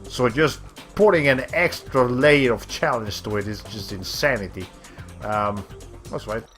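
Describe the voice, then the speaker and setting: A man's voice: medium pitch, fairly even intonation, measured pace, fairly bright tone, faint music behind. A man streaming a video game, losing his voice as he rambles and thinks aloud while playing, with casual swearing. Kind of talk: casual let's-play commentary.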